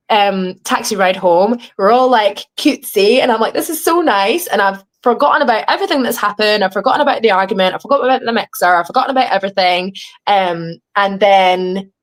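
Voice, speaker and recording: She's a young woman with an English accent, a reality show contestant speaking in a relaxed at-home interview, and her voice is mid-range. Lively and foul-mouthed, she performs the other people's lines as she goes through what happened.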